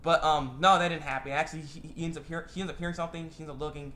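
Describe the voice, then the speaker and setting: A man casually recapping an anime episode, rambling and excitable, full of fillers and restarts. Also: fairly high pitch, rapid-fire. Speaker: anime reviewer.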